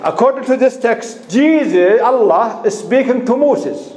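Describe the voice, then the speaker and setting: Slow-talking man teaching a class. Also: extremely high pitch, lively intonation, a little mellow. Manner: asks the class questions and repeats key terms. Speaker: instructor. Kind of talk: classroom lecture. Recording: echoey room with faint noise.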